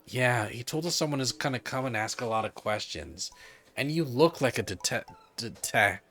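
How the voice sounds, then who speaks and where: Brief: a man voicing a cryptic, teasing circus girl, light and sing-song, lively pitch. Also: normal speed, faint music behind, natural voice. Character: quirky young circus acrobat girl, teasing.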